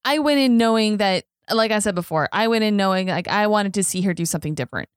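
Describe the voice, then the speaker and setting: A woman's voice: mid-range voice, fast, clean tone, dry recording, clean studio sound. A woman guest on a podcast in casual chat, hesitant and often trailing off.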